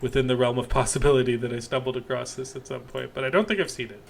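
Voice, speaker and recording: A man with a gravelly voice co-hosts a movie podcast. He speaks at a middling pitch and keeps a relaxed, casual manner, swearing freely as he chats. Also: quick pace. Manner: laid-back, swears freely. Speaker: podcast co-host. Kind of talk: casual chat.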